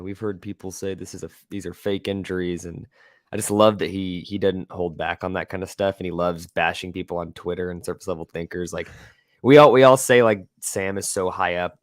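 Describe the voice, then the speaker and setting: A deep-voiced man co-hosting a sports podcast. He chats casually and animatedly and keeps putting questions to his co-hosts. The sound is dry and close. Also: steady tone, moderate pace, no echo. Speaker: podcast co-host.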